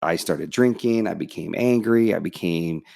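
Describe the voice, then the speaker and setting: A man's voice: deep voice, moderate pace, vocal fry, darkish tone, dry recording, studio quality. A man in his thirties, a guest on an interview podcast, telling his story openly and with emphasis, swearing casually.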